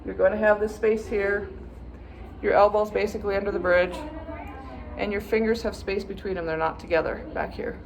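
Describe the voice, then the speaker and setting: A woman's voice: medium pitch, steady tone, normal speed. A woman viola teacher patiently walking students through practice steps, sometimes chanting rhythm words. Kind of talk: instructional practice walkthrough.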